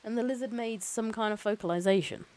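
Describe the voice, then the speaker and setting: A woman reading the lines of a friendly, soft-spoken male field biologist who reassures worried parents. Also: mid-range voice, fast talker, pitched above the performer's own voice, close to an everyday voice. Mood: reassuring.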